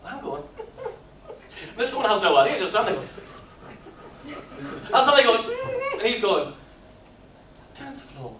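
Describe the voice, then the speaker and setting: A man, speaking at a business workshop and telling stories in a lively, jokey way. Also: high voice, moderate pace, pauses often, crowd noise. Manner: lively storyteller, jokey and animated. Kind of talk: live workshop talk with comic storytelling. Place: expo hall. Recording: echoey hall, mic from far off.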